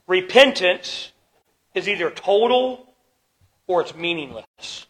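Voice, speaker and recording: A man preaching a sermon as pastor, swinging between loud emphatic lines and quiet ones, slowing down to stress key words. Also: sits high, rough recording. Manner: preaching with dramatic shifts in loudness and pace.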